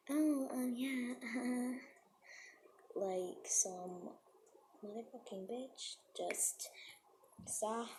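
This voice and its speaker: A woman's voice: mid-range voice, a little mellow. Female storyteller, chatty and rambling, lots of restarts, noisy home recording. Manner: rambling, many fillers and restarts. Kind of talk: casual storytime while gaming.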